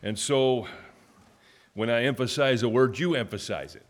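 A man preaching as a guest, halting with fillers and restarts, then reading scripture in loud, stressed phrases for the church to repeat. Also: mid-range voice. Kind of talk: sermon with call-and-response reading.

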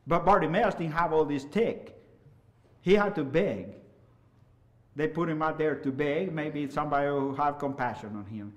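Impassioned preacher man, slightly high voice. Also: moderate pace. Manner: impassioned, rises to loud hollering and drops to soft asides. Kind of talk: sermon.

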